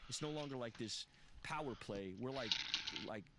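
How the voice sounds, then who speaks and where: A man's voice: medium pitch, moderate pace, very noisy. Profane, emphatic man telling his story. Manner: profane, emphatic, restless phrasing with repeated restarts. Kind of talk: candid conversational storytelling.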